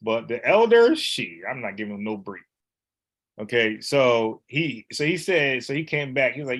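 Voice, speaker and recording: A man's voice: medium pitch, sing-song, moderate pace, fairly bright tone. Man teaching, casual, repeats himself, explains step by step. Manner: conversational, repeats words, explains letters step by step. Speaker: Bible teacher.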